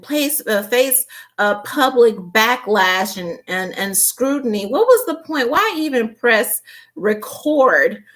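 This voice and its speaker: A woman giving a casual tarot reading, halting with many fillers and restarts. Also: a little high, a bit bright. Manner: grows impassioned and indignant. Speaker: tarot reader.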